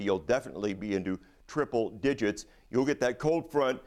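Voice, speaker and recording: A man's voice: lowish voice, lively intonation, a little fast, darkish tone. A man giving a conversational weather forecast, with a few fillers.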